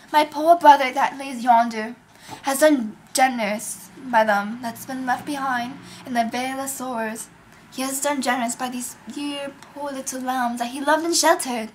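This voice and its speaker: A woman's voice: high voice, a little hiss or hum. A young woman playing a greedy old male con man, with folksy, pompous speechifying in an amateur drama reading.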